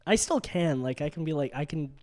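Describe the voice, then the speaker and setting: A man's voice: a little high, expressive, brisk, a little mellow. A man co-hosting a casual podcast, talking in an easygoing, chatty way with lots of fillers. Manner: easygoing, chatty, says "like" often. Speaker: podcast co-host. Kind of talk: casual chat.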